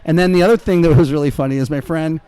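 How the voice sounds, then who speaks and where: A man's voice: fairly high pitch, very fast, clear, resonant tone. A male comedian guest telling anecdotes in casual chat, acting out the voices of the people in them. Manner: animated, acts out voices in anecdotes. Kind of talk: casual storytelling. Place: restaurant bar.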